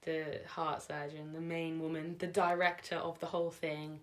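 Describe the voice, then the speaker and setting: A young woman with a low voice tells a personal story at home. She rambles and leans on "like" and "sort of". She gets emotional and chokes up now and then. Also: level tone, normal speed. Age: young adult. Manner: emotional, sometimes tearing up. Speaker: vlogger.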